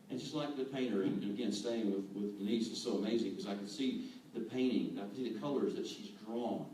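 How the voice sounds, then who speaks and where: A man giving an animated sermon as a guest speaker, acting out quoted voices. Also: fairly low pitch, fairly quick, hardly any pauses. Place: church hall. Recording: echoey hall, distant mic, faint room noise.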